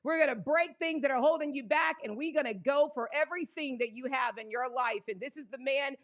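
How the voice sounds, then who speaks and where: A woman hosting a live stream, exuberantly greeting viewers by name with whoops, laughs and shouted shout-outs. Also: high-pitched, fairly quick. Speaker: livestream host.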